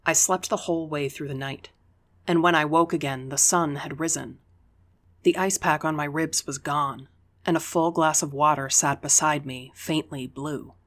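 An audiobook reader telling a first-person story at an even, unhurried pace. The reading is steady, with a voice sitting in the middle of the usual range. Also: mid-range voice. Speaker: audiobook narrator.

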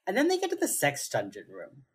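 A husky, lowish female voice swings hugely in pitch at a brisk pace. As a podcast co-host recapping a TV episode, she chats casually and playfully, cursing freely and stuffing her speech with "like."

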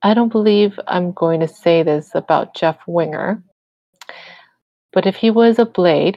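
A woman's voice: fairly low pitch, mellow, no room sound, highs cut off. Woman doing a blunt, breezy young woman. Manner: blunt and matter-of-fact.

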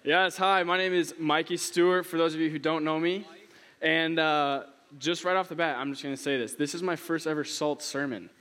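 A young male preacher with a slightly high voice tells funny stories in a casual, self-deprecating way. His voice carries a long reverb from a church hall. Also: moderate pace. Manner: chatty, self-deprecating, animated storyteller. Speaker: youth preacher. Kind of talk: casual sermon with storytelling.

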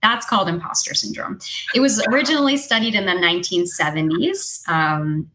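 A woman's voice: on the low side, animated, fairly quick, sharp tone, rough recording. A woman career coach as an interview guest on a video call, explaining in an upbeat way and laughing often. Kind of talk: casual interview chat.

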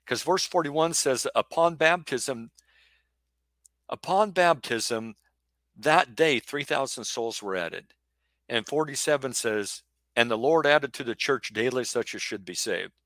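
Man, middle-aged, preacher; forceful bright tone, close dry sound, rhetorical sermon delivery. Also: mid-range voice, lively intonation, moderate pace, no room sound. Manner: emphatic, rhetorical, acts out imagined questions. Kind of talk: sermon-style Bible teaching.

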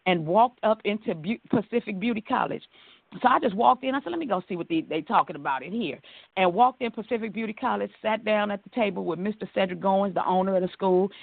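A woman from Los Angeles speaks, telling her story as a guest and acting out the dialogue with lively energy. Her voice has a gravelly rasp. The audio is dry and narrow, like a phone line. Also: mid-range voice, quick pace, dry recording. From Los Angeles, California. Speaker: guest, hairstylist and author. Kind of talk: storytelling interview.

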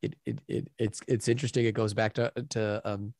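A man's voice: fairly low pitch, brisk, vocal fry, no room sound. Male host, chatty, lots of "you know", dry close sound. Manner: chatty, lots of fillers, lively storytelling. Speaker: podcast host. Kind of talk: casual interview chat.

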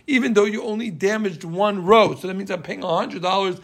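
A high-pitched man with a gravelly edge to his voice teaches a Talmud class. He talks in an animated, emphatic way, repeating key points over and over and ribbing his students. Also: fairly quick.

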